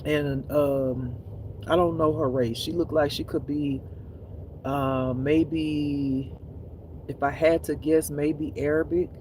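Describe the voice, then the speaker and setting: A tired man chatting casually to viewers on a live stream from his phone, animated and laughing often as he talks. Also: a little high, takes it slowly, a little hiss or hum. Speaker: spiritual reader streaming live.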